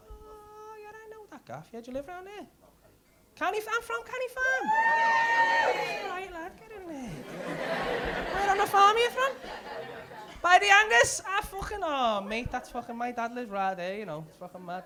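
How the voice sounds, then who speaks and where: A man's voice: very high-pitched, big pitch swings, moderate pace. A man, a stand-up comedian doing crowd work in a club, brash and sweary as he teases the audience. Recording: loud noisy live club recording.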